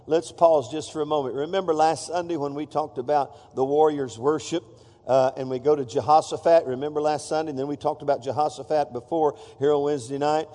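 Man, pastor, sermon, playful and feisty, high mellow voice, long church-hall reverb. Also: steady tone, a little fast. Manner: playful, feisty, breaks off to joke. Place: church sanctuary.

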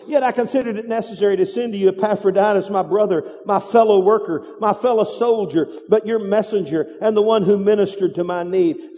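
A male pastor with a warm, high-pitched voice delivers an emphatic sermon in a church sanctuary, with the long reverb of a large hall. Leading call-and-response, he urges the congregation to reply and repeat after him.

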